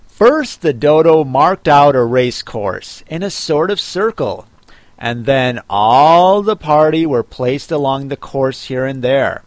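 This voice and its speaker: A man reads a classic storybook aloud in a measured, expressive narration. His pitch moves lively while the pace stays slow. The recording is dry and close. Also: dry recording. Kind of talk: storybook audiobook reading.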